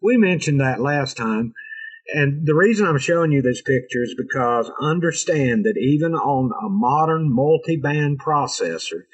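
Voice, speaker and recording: A man's voice: mid-range voice, breathy edge, rough recording. A man presenting an informal engineering lecture over a video call, chatty and joking with sarcastic asides. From North America. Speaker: presenter of an engineering training session.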